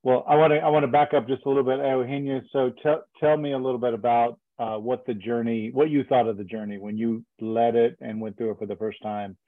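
A man hosting a podcast interview, talking in a halting way with frequent restarts. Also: mid-range voice, level tone, no echo, narrow, tinny audio. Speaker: podcast host. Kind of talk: casual interview.

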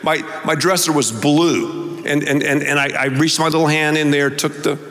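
A man preaching a sermon as pastor, telling stories and pausing on key words for emphasis. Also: on the high side, fairly even intonation, a bit bright, big-room sound.

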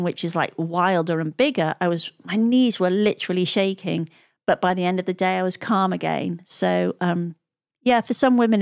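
A woman's voice: fairly low pitch, darkish tone, dry recording, clean studio sound. A woman telling stories as an interview guest, chatting freely, laughing often and quoting the people she met. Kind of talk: conversational storytelling.

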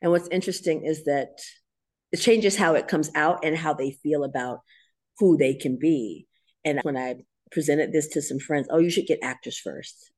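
A middle-aged woman with a low-pitched voice, talking in a podcast interview. She tells her stories with animated emotion and laughs often. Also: normal speed. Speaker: guest choreographer and dancer.

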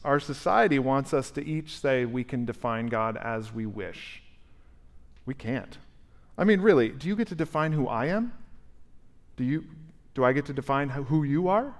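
Questions for the congregation run through this conversational, animated sermon, delivered by a male pastor in a church sanctuary. His voice falls in the mid-range.

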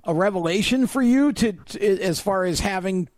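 A man's voice: sits high, normal speed, darkish tone, dry recording. A man in his fifties hosting an interview, asking long, winding questions with fillers. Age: 50s. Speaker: podcast host.

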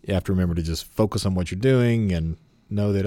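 A man with a fairly low voice talks casually and reflectively. He laughs easily and pokes fun at himself. The sound is dry and close. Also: fast, mellow, no echo. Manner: reflective, laughs often, self-deprecating. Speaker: podcast co-host. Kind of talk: casual chat.

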